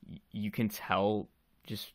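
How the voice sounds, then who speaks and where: A man hosting a casual podcast chat, animated and laughing often as he rambles through his questions. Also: lowish voice, slow, dry recording. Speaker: podcast host and game developer.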